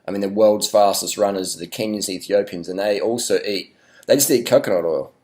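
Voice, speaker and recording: A man's voice: lowish voice, a little fast, a little mellow. Sarcastic Australian man ranting. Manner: rambling, mock-serious irony, swearing. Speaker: vlogger. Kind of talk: sarcastic comedic rant.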